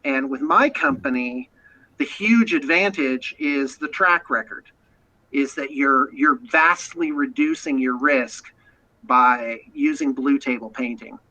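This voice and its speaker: A man's voice: mid-range voice, takes it slowly, sharp tone, dull audio. An American man talking as a guest about his painting studio, chatty and self-promoting, often restarting his sentences. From United States. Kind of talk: casual chat.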